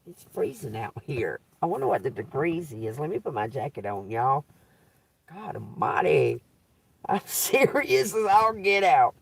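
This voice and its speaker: A man live-streaming a psychic reading from inside a car, talking slowly, spelling out letters and swearing casually. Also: on the high side, big pitch swings, vocal fry, breathy edge, far from the mic.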